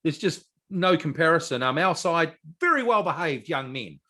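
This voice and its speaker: A man co-hosts a sports podcast, his voice sitting noticeably high for a man. He talks bluntly and excitedly, swears freely and laughs easily in casual chat. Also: moderate pace. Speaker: podcast co-host.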